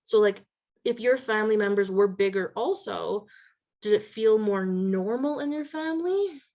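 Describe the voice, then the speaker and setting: A woman's voice: moderate pace, a little mellow. Chatty woman hosting a casual interview. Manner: chatty, many "like" fillers, quotes people in a higher voice. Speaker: podcast host.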